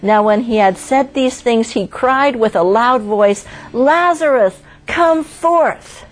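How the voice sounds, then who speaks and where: A woman giving a scripted devotional Bible teaching, reading scripture slowly and lingering on key words. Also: on the high side, faint music behind, poor audio.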